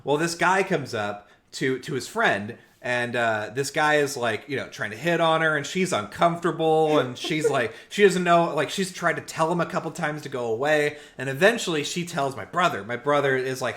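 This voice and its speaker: Animated man telling a story on a podcast. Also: on the high side, normal speed, few pauses. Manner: animated, acts out quoted people, swears often. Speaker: podcast co-host. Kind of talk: casual storytelling chat. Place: room, recorded in person.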